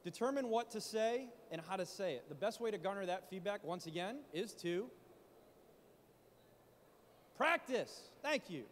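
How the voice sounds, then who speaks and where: A man speaking at a conference, coaching founders on pitching in an animated way, full of rhetorical questions. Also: moderate pace, in a large hall. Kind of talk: startup pitch talk. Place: conference stage in a large hall. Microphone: handheld mic.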